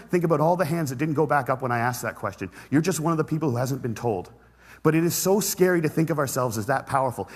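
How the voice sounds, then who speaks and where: A man's voice: a little high, breathy edge. A man giving a motivational talk on stage, telling stories with humor and speaking directly to the audience. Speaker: conference speaker. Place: large auditorium stage. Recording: reverberant hall sound.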